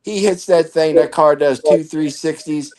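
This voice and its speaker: A man's voice: a little high, fairly even intonation, measured pace, a little mellow. A man from Maryland telling a rambling story in casual chat, laughing often.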